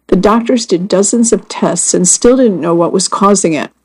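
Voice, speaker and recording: A woman reading first-person magazine stories aloud as scripted narration, in a measured and earnest way. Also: mid-range voice, a little mellow, breathy edge, poor audio. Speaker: magazine story reader.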